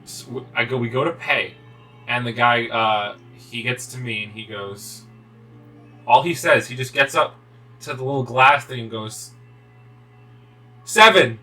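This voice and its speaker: A young man with a very bright, sharp-edged voice tells a rambling story in casual chat, swearing and restarting his sentences. He sits a little away from the mic, and game music plays faintly behind him. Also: medium pitch, fairly even intonation, normal speed, distant mic, poor audio. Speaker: gaming video co-host. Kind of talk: casual chat while playing.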